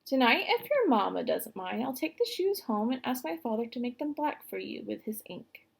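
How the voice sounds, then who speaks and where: A kind, patient young girl, voiced by a woman reading aloud from a storybook. She speaks gently and reassuringly, with a slightly high, gravelly tone. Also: sing-song, moderate pace, full character voice.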